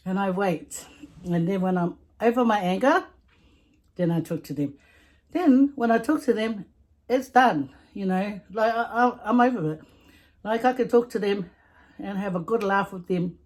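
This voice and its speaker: This vlogger's voice is medium in pitch with a darkish tone. She speaks with a Samoan English accent, eating while she chats in a relaxed storytime vlog, chattering away, laughing frequently, and saying things more than once.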